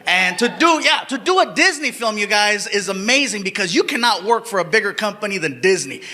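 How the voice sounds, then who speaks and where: A man doing stand-up storytelling in an animated, excitable way, laughing along with his own story. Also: sits high, brisk, big-room sound. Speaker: stand-up comedian.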